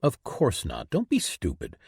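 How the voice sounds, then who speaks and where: A man's voice: medium pitch, huge pitch swings, a little slow, creaky, slightly rough, dry recording, clean studio sound, full character voice. A man reading an audiobook, voicing a practical young man who reasons firmly. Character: level-headed young man, firm and practical.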